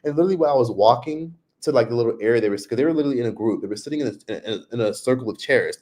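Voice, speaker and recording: A man's voice: rapid-fire, darkish tone. Man livestreaming from his laptop, casual and rambling. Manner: chatty, frequent "like", mimics others in high voices. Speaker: livestream vlogger.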